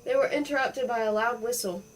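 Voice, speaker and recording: A woman reading a children's storybook aloud in a playful, expressive way. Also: a little high, brisk, far from the mic, slight background noise, poor audio. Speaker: audiobook reader. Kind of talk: storybook narration.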